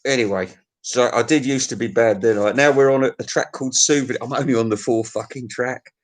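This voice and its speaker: A man of middle pitch talks through an album review off the cuff. He is blunt and crude, swears freely and keeps laughing at his own jokes. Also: fairly even intonation, fairly quick. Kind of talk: casual unscripted album review.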